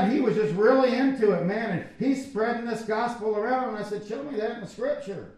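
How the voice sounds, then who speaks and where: A man's voice: high voice, brisk, hardly any pauses, darkish tone. A man preaching a sermon as pastor, talking conversationally and acting out quotes from people. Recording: echoey church hall.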